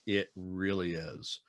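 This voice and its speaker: Chatty, rambling male podcast host. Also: deep voice. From South Dakota. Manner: chatty, rambling, puts on playful voices. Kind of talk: casual interview chat.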